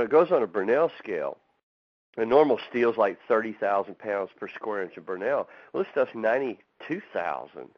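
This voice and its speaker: Low voiced guy who builds bbq pits, chatty folksy storyteller, muffled dry recording. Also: no room sound. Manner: folksy storyteller, acts out quotes. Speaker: barbecue pit maker and fab shop owner. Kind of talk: casual phone interview. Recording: dull, lo-fi, dry.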